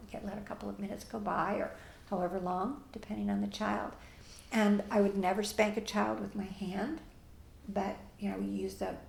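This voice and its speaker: Direct woman teacher, gravelly voice. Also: mid-range voice, a little mellow, roomy sound, slight background noise. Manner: direct, plainspoken, acts out what parents and children say. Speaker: parenting teacher. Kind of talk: lecture answering audience questions.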